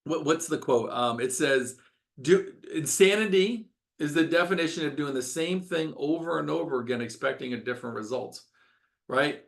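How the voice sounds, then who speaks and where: A man's voice: fairly high pitch, moderate pace, vocal fry. Passionate ranting man. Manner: ranting, emphatic, repeats words. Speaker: doctor hosting a health webinar. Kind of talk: passionate webinar talk.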